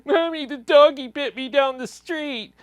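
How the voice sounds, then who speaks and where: A man's voice: extremely high pitch, a little slow, dry recording, voice pushed up. Man putting on a whiny little boy tattling. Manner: whining, childish.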